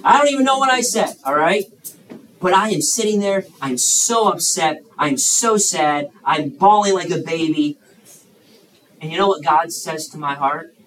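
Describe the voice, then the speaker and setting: A man in his thirties preaching a sermon to young people, swinging between loud emphatic bursts and hushed asides. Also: fairly high pitch, unhurried, far from the mic, slight background noise, poor audio.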